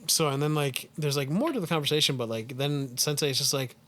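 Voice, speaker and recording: A man's voice: a little high, a little fast, fairly bright tone. A man co-hosting a podcast, casually retelling a film's plot with lots of "like" and "um". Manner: rambling, heavy use of "like" and "um". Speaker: podcast co-host.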